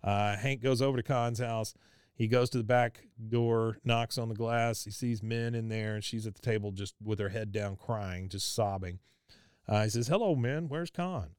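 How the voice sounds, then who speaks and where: A man's voice: fairly low pitch, little pitch movement, normal speed, a little mellow, clear, resonant tone, no echo, studio quality. Chatty man recapping a cartoon. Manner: chatty, laughs often, many fillers. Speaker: podcast host. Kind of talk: casual episode recap.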